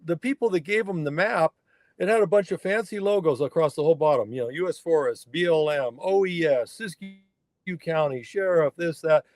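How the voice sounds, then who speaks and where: A man's voice: a little high, moderate pace, darkish tone, no echo. A man, a wild horse researcher from the northern California mountains, telling a story as a guest on a remote interview and acting out the people he quotes.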